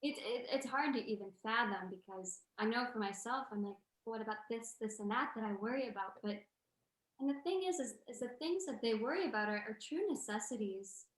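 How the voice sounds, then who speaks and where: A woman, a podcast guest, speaking earnestly and reflectively with halting pauses. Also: a little high. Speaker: interview guest. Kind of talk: casual interview chat. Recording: echoey room.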